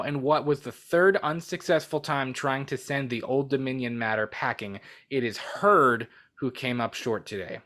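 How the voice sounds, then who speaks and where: A man's voice: mid-range voice, a bit bright. A man co-hosting a movie news podcast, chatting casually and reading articles aloud with asides. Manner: rambling, reads articles with asides. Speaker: podcast co-host.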